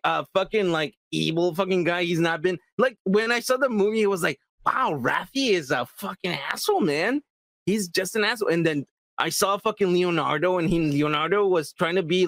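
A man co-hosting a podcast in casual chat, swearing a lot and talking excitably, saying he is high. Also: no echo. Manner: profane, animated, excitable. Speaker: podcast co-host.

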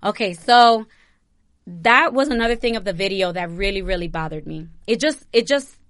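A woman's voice: medium pitch, expressive, normal speed, fairly bright tone, dry recording. A young woman from New Jersey vlogging, giving impassioned personal commentary that circles back on itself, close to tears and swearing freely. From New Jersey, USA.

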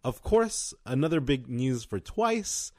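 A man's voice: mid-range voice, big pitch swings, slow, a little mellow, no room sound, clean studio sound. A young man co-hosting a podcast, chatting casually with lots of fillers. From Los Angeles County. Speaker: podcast co-host. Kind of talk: casual chat.

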